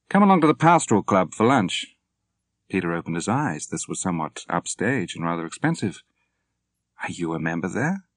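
A male narrator with a low voice reads an audiobook in a measured, understated manner. The recording is very dry and close, with no room sound. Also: no room sound. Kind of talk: scripted narration.

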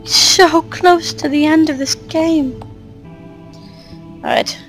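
A woman playing through a game and talking along, chatty, muttering asides and swearing a little. Her voice sits fairly high, with faint music behind. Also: slow pace, rough recording. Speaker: game player. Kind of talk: let's play commentary.

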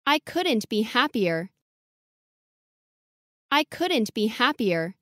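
A woman with a high, bright voice reads short practice phrases in a deliberate, unhurried way. Her pitch moves expressively, and every word is carefully enunciated. The sound is close and dry, with no room around it. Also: very animated, no room sound. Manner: clear, careful enunciation, each phrase said twice. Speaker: English model reader. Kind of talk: slow repeated phrase reading for learners.

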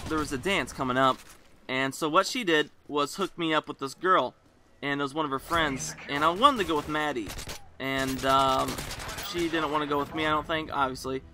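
A young man with a bright, somewhat high voice tells a story in a loose, rambling way. He swears casually and sounds like he is just chatting. Faint game sounds play quietly behind him. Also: slight background noise. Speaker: vlogger.

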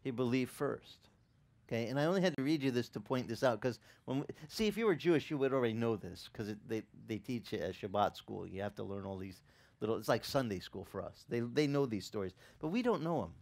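Middle-aged male pastor, sermon, lively storyteller who acts out quotes, wide pitch swings. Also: a little fast, creaky.

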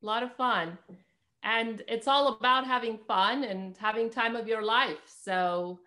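Bright-voiced woman host. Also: fairly high pitch, measured pace. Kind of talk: interview hosting. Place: California.

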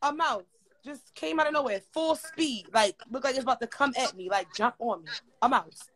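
This livestream storyteller's voice sits high, and she moves at a moderate pace. Her long, casual tale is animated and profane, with words repeated for emphasis.

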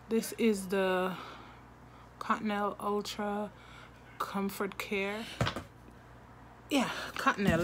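A woman records an excited unboxing vlog at an unhurried pace, gushing and repeating herself as she goes. Her voice sits in a middling register, with a faint hum of room ambience behind her. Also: mid-range voice. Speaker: product reviewer.

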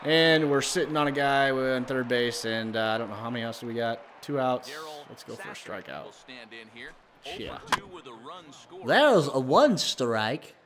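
A man casually commenting on his own baseball video game as he plays, swearing and yelling at bad pitches, then talking himself back to calm. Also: moderate pace, crowd noise. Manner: swears and yells in bursts of frustration, then talks himself calm. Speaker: gaming video creator.

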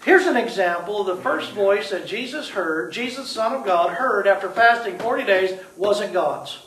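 A man with a notably high voice preaches in a lively, bantering way, coaxing the congregation to call out answers. He is picked up from a distance, and the room rings with echo. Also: moderate pace, a little hiss or hum. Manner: lively, prompts the congregation to answer, joking asides. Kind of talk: sermon with call-and-response.

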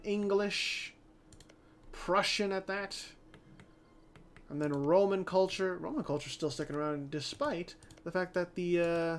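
A man giving casual, unscripted let's-play commentary as the channel host, swearing freely, thinking out loud and often restarting his sentences. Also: high voice. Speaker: host of a strategy game channel. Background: faint background music.

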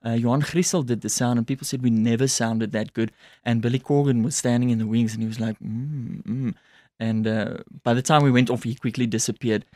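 A man's voice: mid-range voice, fairly even intonation, fast, darkish tone, no room sound, clean studio sound. A man, a musician guest telling stories in casual interview chat and switching between languages.

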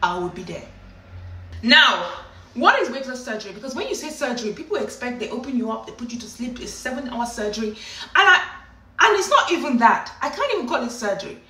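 A woman vlogger tells her story in a lively, dramatic way, her voice a little high and bright. The sound carries a roomy echo from a mic set back at a distance. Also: quick pace. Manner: animated, dramatic, often laughing. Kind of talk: casual storytelling to camera.

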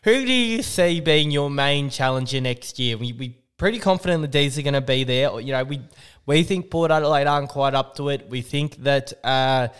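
A man's voice: medium pitch, moderate pace, a bit bright, smooth. Dry-humored Australian man hosting a podcast. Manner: dry, self-deprecating banter. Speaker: podcast host. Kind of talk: casual podcast chat.

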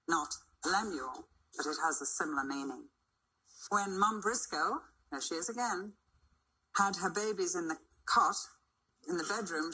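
An older woman preaching a sermon to a church, emphatic and dramatic, with sudden swings in pitch and loudness. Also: a little hiss or hum, low-quality recording.

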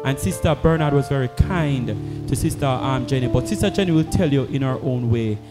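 A man leading a church service as pastor, announcing the next speakers in an unhurried way with pauses. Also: medium pitch, loud music behind the voice.

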